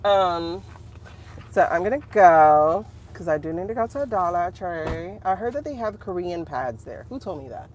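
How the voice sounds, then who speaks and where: A woman's voice: fairly low pitch, moderate pace, slight background noise. A woman hosting a casual livestream as a tarot reader, chatting to her viewers and laughing often. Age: adult. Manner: chatty, animated, laughs often, talks to the chat.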